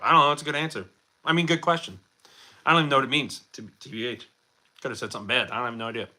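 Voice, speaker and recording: A man's voice: medium pitch, rapid-fire, bright, forceful tone. A man hosting a casual livestream, answering viewer chat in a rambling, jokey way with lots of fillers. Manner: rambling and chatty with many fillers; self-deprecating and jokey. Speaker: livestream host.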